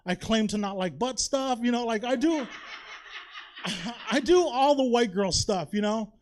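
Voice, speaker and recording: A man's voice: very high voice, unhurried, slight background noise. A man doing a chatty, confessional stand-up set on a comedy theater stage, tossing in "you know?" and "right?" all the time.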